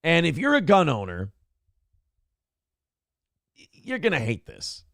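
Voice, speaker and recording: A man's voice: fairly high pitch, wildly swooping pitch, measured pace, gravelly, fairly bright tone, no echo, studio quality. A man hosting a livestream talk show. He reads viewer comments aloud and rants with plenty of profanity. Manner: ranting and profane. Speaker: live show host.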